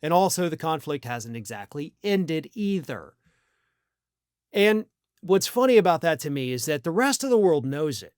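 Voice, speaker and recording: A man's voice: a little high, sing-song, moderate pace, a little mellow, clean tone, no room sound, studio quality. A man hosting a political commentary show, talking in a scornful, emphatic monologue with some restarts.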